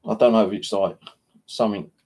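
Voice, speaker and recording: A man's voice: fairly low pitch, brisk, mellow, husky. A man hosting a paranormal channel, chatting casually in a rambling, sweary way with constant filler. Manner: rambling, sweary, heavy "you know" filler. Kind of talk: casual livestream chat.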